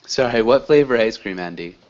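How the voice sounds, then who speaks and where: A man teaching an English class, correcting students gently and praising them. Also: medium pitch, lively intonation, a little fast, dull audio.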